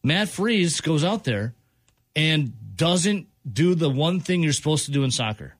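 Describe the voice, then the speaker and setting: Man, high voice, dry close sound, exasperated sports rant, repeats himself for emphasis. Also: lively intonation, measured pace, no room sound. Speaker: sports radio host. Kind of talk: heated sports talk rant.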